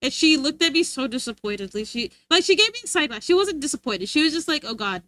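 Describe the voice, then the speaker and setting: Giggly high-voiced woman streamer. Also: animated, fast talker, pushed and bright, no room sound. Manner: rambling, giggly, reads chat aloud. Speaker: livestreamer. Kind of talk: casual live-stream chat.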